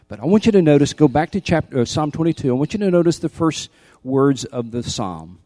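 A man preaching a sermon as pastor, emphatic, repeating key lines and swinging from loud appeals to hushed intensity. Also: on the high side, expressive, fairly quick, no room sound.

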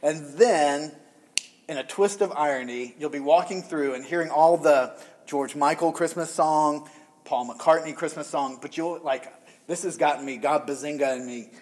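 A man's voice: a little high, normal speed, a little mellow. A middle-aged man from the American South preaching a conversational sermon and joking with the congregation. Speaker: pastor.

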